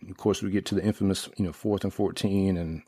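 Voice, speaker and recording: A middle-aged man in casual sports talk, rambling with lots of fillers and restarts, getting excitable as he retells plays. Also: low voice, fast, slightly rough, dry recording, clean studio sound.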